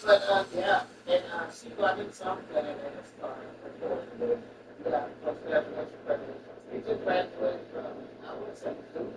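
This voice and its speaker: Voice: medium pitch, wildly swooping pitch, slow. A speaker in casual chat who rambles and repeats phrases. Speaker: person chatting. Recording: roomy, far from mic, loud traffic noise.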